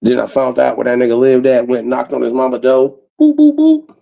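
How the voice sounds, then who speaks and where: A man telling a comic story in a casual, profane, animated way, acting out the quotes. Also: mid-range voice, fast, gravelly, poor audio. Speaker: comedian storyteller.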